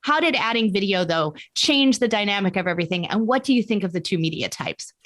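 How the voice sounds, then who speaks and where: A woman's voice: mid-range voice, lively intonation, fast, a bit bright. Enthusiastic woman podcast host. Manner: enthusiastic, affirming. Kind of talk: casual interview chat.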